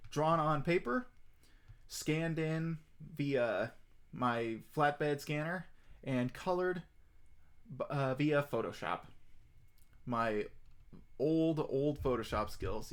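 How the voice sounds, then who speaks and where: Male streamer, casual rambling talk, filler-heavy, mid pitch, gets excitable.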